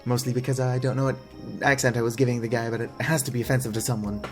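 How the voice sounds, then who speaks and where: A man's voice: medium pitch, flat delivery, fast talker, faint music behind. Wry man narrating a game playthrough. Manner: wry, self-mocking asides, reading game text aloud. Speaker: gaming video creator. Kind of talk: casual let's-play commentary.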